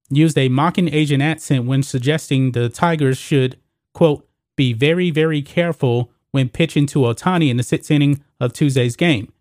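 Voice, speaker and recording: A man's voice: medium pitch, darkish tone, no echo. Man, emphatic sports commentary host, opinionated, dry close mic. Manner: emphatic, repetitive, addresses viewers as guys.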